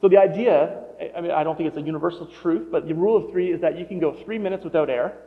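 A man's voice: fairly high pitch, fast. A middle-aged man giving a sermon in a conversational way, often restarting and wondering aloud. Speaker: pastor. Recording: muffled sound with long hall reverb.

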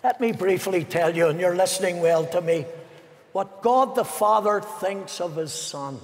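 A man preaching a fervent evangelistic sermon as pastor, swinging between ringing declamation and hushed, solemn passages in a large arena. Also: sits high, a little slow. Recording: echoey arena with long reverb.

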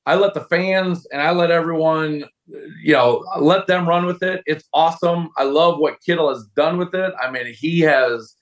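Animated man telling a story. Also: a little high, moderate pace. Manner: animated storyteller, acts out voices of coaches. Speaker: guest, former football tight end. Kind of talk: casual storytelling interview.

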